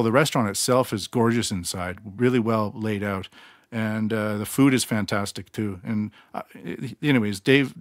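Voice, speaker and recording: A man's voice: medium pitch, dry recording, studio quality. A Canadian man hosting his own podcast, talking alone in a rambling, blunt and self-deprecating way. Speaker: podcast host. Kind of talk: casual solo monologue.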